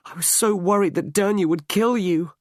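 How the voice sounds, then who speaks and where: A man's voice: sits high, moderate pace, dry recording, studio quality, voice pushed up, close to an everyday voice. A man reading aloud, voicing a young woman who is an emotional fiancée with a breathless, pleading manner. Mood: relieved.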